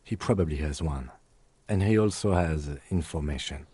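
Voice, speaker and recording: A composed, formal police lieutenant. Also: male voice, extremely low pitch, normal speed, dark tone, slight background noise. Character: calm, precise male police lieutenant. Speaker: detective partner.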